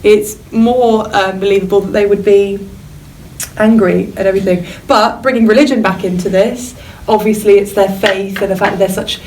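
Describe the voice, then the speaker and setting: A chatty woman talks through a classic novel in a relaxed, joking way. Her voice sits at a middling pitch, heard from a little distance over faint background noise. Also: moderate pace. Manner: chatty, jokey, acts out characters in high voices. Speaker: guest teacher. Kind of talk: casual literature discussion.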